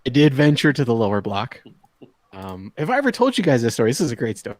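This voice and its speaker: A man in his thirties tells friends a long story during a casual chat, laughing often and acting out the people he quotes; he is a podcast host. His mid-range voice swoops wildly in pitch, he talks quickly, and there is no room sound.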